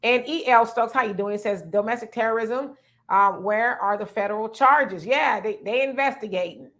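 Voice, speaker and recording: A woman's voice: a little high, moderate pace, a bit bright. A woman hosting a livestream, greeting viewers by name and reading their comments aloud before answering them. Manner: reads viewer comments aloud and responds conversationally. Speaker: livestream host reading chat. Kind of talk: casual livestream chat.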